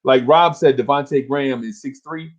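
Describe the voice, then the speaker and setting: A man, co-hosting a podcast and telling an animated story in casual chat. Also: medium pitch, moderate pace, highs cut off. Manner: animated storyteller, acts out voices, laughs along. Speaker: podcast co-host.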